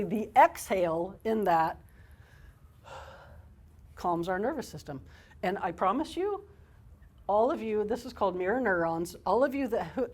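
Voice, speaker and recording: With a mid-range voice, a woman leads a live parenting workshop for an audience, speaking energetically and animatedly and laughing frequently.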